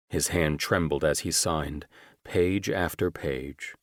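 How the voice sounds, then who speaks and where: A man narrating a first-person romance audiobook in a measured, deliberate, quietly menacing manner. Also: a bass voice, dry recording, studio quality.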